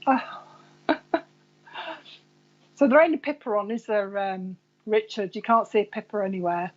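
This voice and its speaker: A woman medium runs a live reading for her online viewers, talking in a loose, rambling way and calling people by name. Her voice sits at an ordinary middle pitch. The stream audio is a little dull and lo-fi. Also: lively intonation, measured pace.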